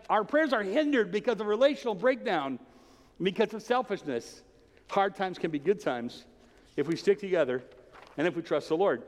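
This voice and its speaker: A male pastor preaching a sermon in a passionate, conversational way with rhetorical questions. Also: high-pitched. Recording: long reverb of a large hall.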